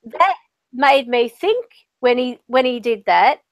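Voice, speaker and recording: Her voice sits high and sounds animated yet slow, with no room sound. As a host and spiritual medium in casual conversation, she chats away, telling stories and acting out other people's lines.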